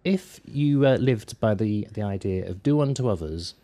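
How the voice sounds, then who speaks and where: A man voicing a pushy male doorstep preacher in a northern English accent, slow and halting. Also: on the low side, expressive, warm tone. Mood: preachy.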